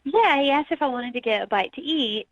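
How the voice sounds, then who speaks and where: A woman's voice: high voice, animated, fairly quick, no room sound, lo-fi sound. Chatty woman calling in on the phone. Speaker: caller. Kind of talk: phone call to a radio show.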